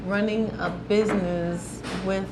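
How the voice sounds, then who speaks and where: A woman's voice: mid-range voice, steady tone, unhurried. A woman co-host asking questions in a cheerful, upbeat casual chat. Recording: noisy background.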